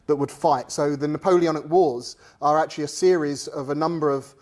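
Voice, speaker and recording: A man who tells wargaming history in a casual, halting way, full of restarts and playful asides. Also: fairly high pitch, fairly even intonation, a little mellow. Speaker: wargaming hobbyist explaining history. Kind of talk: casual conversation.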